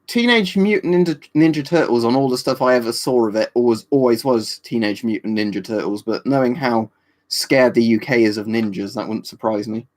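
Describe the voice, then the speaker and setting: A man's voice: lowish voice, steady tone, fairly quick, darkish tone. A man from the UK, hosting a livestream and answering viewers' questions in a rambling, casual way, full of fillers and tag questions. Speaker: livestream host answering chat. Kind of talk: casual live chat.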